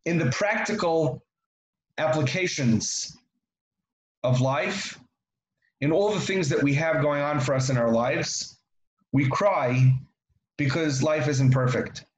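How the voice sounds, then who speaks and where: A man's voice: fairly high pitch, slow pace, long pauses, reverberant, slight background noise, low-quality recording. A man giving a Torah lesson, repeating key phrases and asking rhetorical questions. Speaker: Torah teacher.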